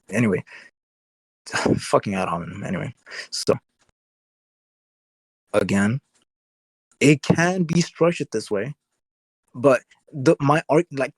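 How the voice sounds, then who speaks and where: A man's voice: mid-range voice, takes it slowly, long pauses, dry recording. A man debating casually, rambling with lots of filler words as he lays out his point. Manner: rambling, heavy use of "like" fillers.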